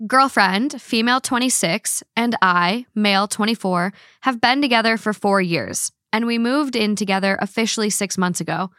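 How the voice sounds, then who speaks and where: A woman hosting a chatty podcast, blunt and quick to swear as she reads listener stories aloud. Her voice sits at an ordinary middle pitch. The sound is close and dry, with no room echo. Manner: blunt, swears freely, animated. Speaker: podcast host. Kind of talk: casual chat, reading listener stories aloud.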